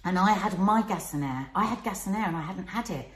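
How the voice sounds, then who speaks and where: A woman's voice: on the low side, expressive, brisk. Passionate woman in her forties. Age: 40s. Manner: passionate, emphatic storytelling. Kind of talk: casual conversational storytelling. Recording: roomy echo.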